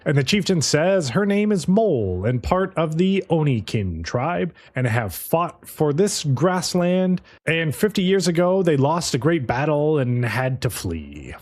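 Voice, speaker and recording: Animated man recapping an anime episode. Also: fairly high pitch, measured pace, hardly any pauses. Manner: animated, profane storyteller, playfully mimics characters. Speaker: podcast co-host.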